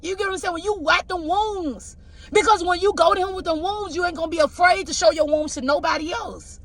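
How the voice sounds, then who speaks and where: Speaking briskly in a very high, fairly bright voice, a woman reading tarot offers viewers spiritual messages. Her pep talk is heartfelt, confessional, and preachy; she talks about her own pain and keeps checking whether they understand her.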